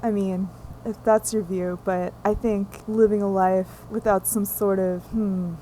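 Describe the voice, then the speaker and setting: A woman's voice: medium pitch, level tone, measured pace, mellow, slight background noise, rough recording. A woman playing a tabletop role-playing game, speaking for her character in a thoughtful, hesitant way. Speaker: player.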